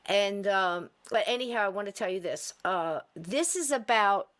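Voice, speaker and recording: A woman's voice: mid-range voice, expressive, normal speed, a bit bright. Chatty rambling woman podcast host. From US East Coast. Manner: chatty, rambling, laughs often. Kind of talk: casual podcast chat.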